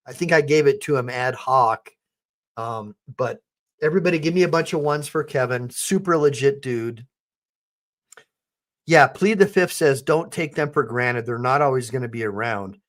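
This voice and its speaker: Speaking at a moderate pace in a mid-range voice, a middle-aged livestream host chats loosely and addresses his viewers head-on. Allergies have his eyes watering.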